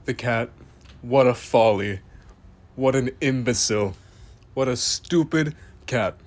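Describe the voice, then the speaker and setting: Male host, deadpan comedic commentary; mock-serious animal critic, casual swearing. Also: mid-range voice. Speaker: host reviewing animal pictures.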